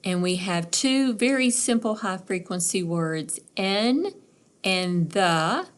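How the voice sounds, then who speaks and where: A woman's voice: mid-range voice, animated, takes it slowly, clear, resonant tone. A middle-aged woman teacher giving a recorded reading lesson for young children, patiently sounding out words.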